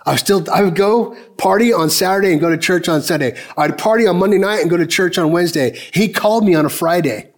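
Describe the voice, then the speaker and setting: A man in his fifties delivers a sermon to his church, his voice sitting a touch higher than most men's. He carries his message through personal stories, slipping into other people's words by lowering his voice to play them. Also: fast, few pauses. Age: 50s. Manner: storytelling, acting out dialogue in lowered voices. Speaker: pastor.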